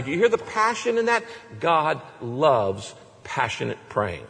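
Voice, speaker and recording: A man preaches with big swings in his voice, dropping low and then climbing as he acts out passionate prayers. His voice sits a little high for a man, and it rings with the long echo of a large hall. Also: sing-song, a little slow, creaky, few pauses, a bit bright. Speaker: pastor. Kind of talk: sermon.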